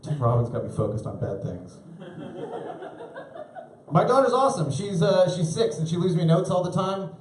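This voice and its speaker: A man in his thirties doing live stand-up comedy on a club stage, rambling and self-deprecating, with halting restarts. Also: high voice, animated. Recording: roomy live club recording.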